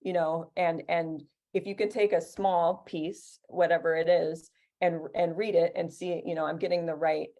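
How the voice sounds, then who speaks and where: A woman teacher answering interview questions in a relaxed, chatty way. Her voice sits low and has a gravelly edge. She talks with plenty of fillers and restarts. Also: moderate pace. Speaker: Italian teacher, guest.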